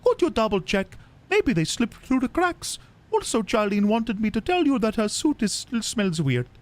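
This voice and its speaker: A man voicing a fussy younger man who nags his uncle about late pay, in a high, whiny voice. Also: big pitch swings, normal speed. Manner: high, whiny letter-reading voice.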